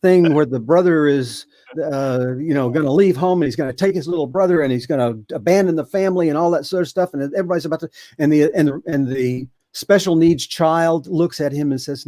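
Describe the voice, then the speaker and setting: A man in his seventies, a podcast guest telling a long story in a rambling, halting way with many fillers. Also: a little high, mellow, no room sound. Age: 70s. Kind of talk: casual storytelling.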